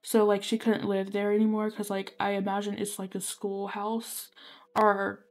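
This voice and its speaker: A woman's voice: mid-range voice, completely flat delivery, normal speed. Young woman gaming creator, rambling, filler-heavy storyteller who keeps apologizing. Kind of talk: casual storytelling while playing.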